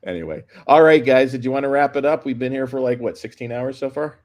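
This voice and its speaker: Fast-talking wry man guest. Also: mid-range voice. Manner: joking, wry. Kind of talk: casual live panel chat.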